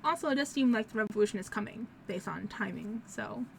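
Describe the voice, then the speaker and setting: A woman's voice: medium pitch, fairly quick, gravelly, slight background noise. A young woman gamer casually thinking aloud about a game she just finished, with a sore throat. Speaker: let's play gamer. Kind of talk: casual commentary.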